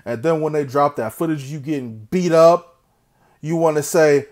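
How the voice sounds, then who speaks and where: A man's voice: a little high, normal speed, darkish tone. A young man ranting to camera as a boxing vlogger, mocking and full of slang. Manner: trash-talking, slangy, mocking.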